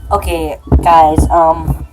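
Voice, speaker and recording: A woman's voice: sits low, level tone, drawn-out words, poor audio. A woman vlogging casually while travelling, talking straight to her viewers with many fillers. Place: airport and airplane. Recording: loud music over the voice.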